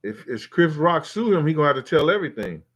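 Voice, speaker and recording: Reading his chat aloud during a live stream, a man with a slightly high voice replies to viewers in a loose, swearing, meandering style. He speaks quickly, with big swings in pitch.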